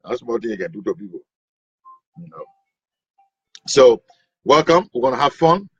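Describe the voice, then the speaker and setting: A male comedian, telling stories in an animated, rambling way. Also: mid-range voice, measured pace, long pauses, husky. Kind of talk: stand-up storytelling. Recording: dull lo-fi recording.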